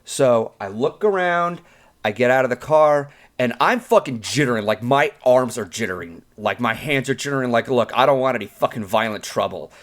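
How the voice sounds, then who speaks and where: A man hosts a casual podcast and tells a story with animated energy. He swears freely and jumps between quoted voices. His voice sits at an ordinary pitch, with a slight cough now and then. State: coughing, something down the wrong pipe. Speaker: podcast host.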